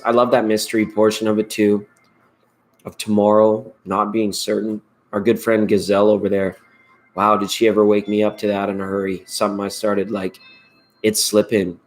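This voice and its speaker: Male tarot stream host, slightly low voice, loose and rambling, playful, laughs easily. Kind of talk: casual live-stream chat.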